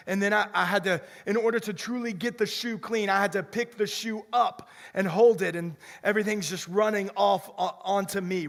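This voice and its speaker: A young man preaching a lively sermon as pastor, often repeating words as he restarts a sentence. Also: sits high, gravelly. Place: church sanctuary. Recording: long reverb of a church hall.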